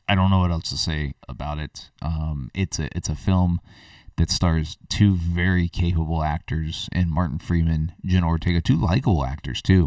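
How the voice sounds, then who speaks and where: A man's voice: deep voice, dark tone, no echo, clean studio sound, far from the mic. A man hosting a podcast, giving a blunt, rambling movie review with lots of fillers and restarts. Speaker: film reviewer, podcast host. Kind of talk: casual spoken movie review.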